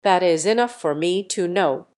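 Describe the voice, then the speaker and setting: A synthetic woman's voice reading a calm, strong jungle-raised man with plain, even statements in an audiobook. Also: lowish voice, moderate pace, lightly acted. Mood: calm firm.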